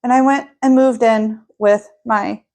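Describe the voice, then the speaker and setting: A young woman casually telling a personal story, getting animated as she recounts an argument. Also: fairly high pitch, unhurried.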